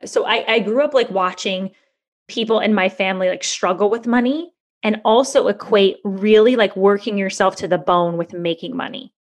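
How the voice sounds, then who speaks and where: A woman in her thirties telling a personal story in a candid interview, lively and chatty, acting out the voices of people she quotes. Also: medium pitch, normal speed. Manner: animated, acts out quoted voices, frequent "like" fillers. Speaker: guest.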